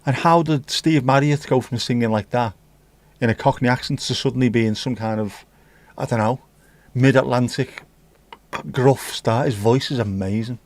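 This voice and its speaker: A man hosts a casual livestream, rambling, joking, and singing bits of songs as he reads out viewer comments. His voice is mid-pitched and moderately paced, with no echo in the recording.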